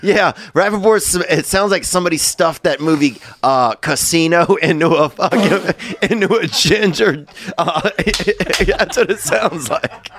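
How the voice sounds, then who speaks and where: Gravelly joking male guest. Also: sits high, unhurried, hardly any pauses, a bit bright. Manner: profane, joking, laughs often. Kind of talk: casual chat.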